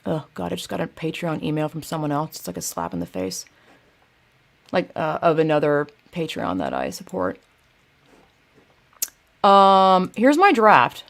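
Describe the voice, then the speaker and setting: A woman's voice: deep voice, sing-song, a little slow, vocal fry, long pauses. A young woman ranting casually and profanely on a livestream, talking to her chat while fumbling through her phone. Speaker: video creator ranting to live chat.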